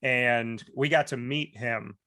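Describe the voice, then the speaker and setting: A man hosting a casual talk show, telling stories in an animated way and acting out the voices of the people in them. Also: mid-range voice, takes it slowly, dry recording, studio quality. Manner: animated storyteller, acts out quoted voices, many restarts. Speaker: host. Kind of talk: casual storytelling chat.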